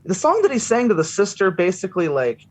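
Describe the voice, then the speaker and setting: A man's voice: sits high, big pitch swings, fast. A man guesting on a movie podcast, rambling in casual chat full of "like" and the odd curse. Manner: rambling, profane, many "like" fillers.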